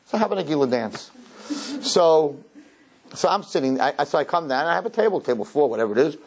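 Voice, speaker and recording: A rabbi telling a lively personal story to an audience, acting out the dialogue as he goes. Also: fairly high pitch, fast. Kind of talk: storytelling talk.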